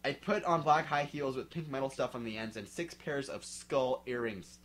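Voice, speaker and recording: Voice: medium pitch, normal speed. A reader giving a mocking dramatic read-aloud while drinking malt liquor, with sarcastic asides along the way.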